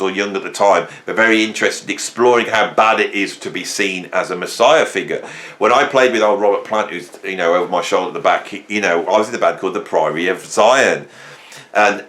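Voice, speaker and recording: A man's voice: lowish voice, fairly bright tone. A man from England hosting a rambling comic monologue, joking and telling stories with sudden jumps in his voice. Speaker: host.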